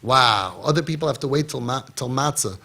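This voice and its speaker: A man giving a spoken Torah class, telling stories with animated, acted-out dialogue and earnest exhortation. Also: medium pitch, brisk. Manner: animated storytelling, acting out quoted dialogue. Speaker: Torah class teacher and parenting guide.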